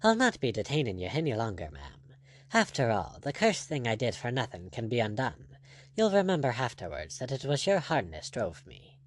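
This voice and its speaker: A man's voice: medium pitch, huge pitch swings, normal speed. A man voicing a bitter Irish pirate captain. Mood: cold. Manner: sardonic, brogue-laced retorts.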